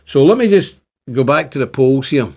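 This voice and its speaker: A Northern Irish man in his fifties, his accent tinged by Ulster Scots, speaks to camera in an impassioned, repetitive monologue that rises to exclaim. His medium-pitched voice is gravelly and a little mellow, sing-song, at a moderate pace.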